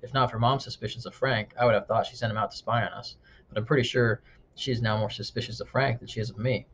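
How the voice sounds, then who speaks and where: An earnest, guarded undead teenage girl who keeps her voice steady, voiced by a male audiobook narrator in close to his own voice. The lines come quickly and evenly. The sound is dull and a bit lo-fi. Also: mid-range voice, a little hiss or hum, lightly acted. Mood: thoughtful.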